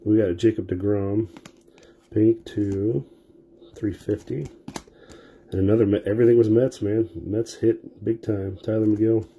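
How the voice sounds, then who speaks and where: A man's voice: lowish voice, fairly even intonation, measured pace, pauses often, mellow, a little hiss or hum. A man casually calling out player names and card finds as he opens packs during a live sports card break.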